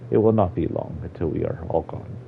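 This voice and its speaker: A man's voice: low-pitched, fairly quick, gravelly, a little hiss or hum. Man putting on a solemn old lizard-folk woman. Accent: put-on Jamaican-style accent. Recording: dull lo-fi stream audio.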